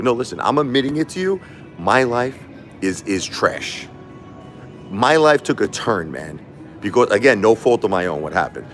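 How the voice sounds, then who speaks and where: Guy going off on a livestream, pitch all over the place, taunting and bragging, faint music behind. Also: fairly bright tone. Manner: combative, taunting, repeats himself; boastful. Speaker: livestreaming YouTuber. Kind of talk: ranting livestream monologue.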